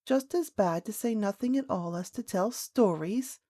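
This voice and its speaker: A woman voicing a small princess girl who speaks quietly and with composure. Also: mid-range voice, moderate pace, no echo, clean studio sound, lightly acted. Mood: calm dignified. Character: little princess girl, calm and dignified.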